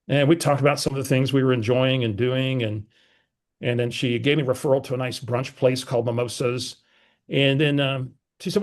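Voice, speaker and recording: A middle-aged man, a real estate team leader telling an animated story to a team meeting and acting out both sides of a phone call. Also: medium pitch, normal speed. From San Antonio, Texas. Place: meeting room with remote attendees.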